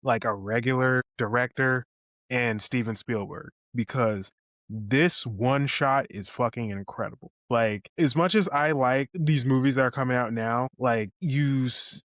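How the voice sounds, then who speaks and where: A man co-hosting a film review podcast at a middling pitch, recounting scenes in a lively way and acting out the quoted lines. He swears freely and talks casually. The recording is dry and close. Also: a little slow, no room sound. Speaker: podcast co-host.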